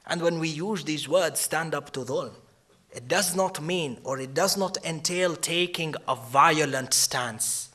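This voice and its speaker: A man's voice: on the high side, measured pace, sharp tone. A man giving a mournful sermon, mixing Arabic religious terms into his English and swelling into lamenting cries. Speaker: shaikh giving a Muharram lecture.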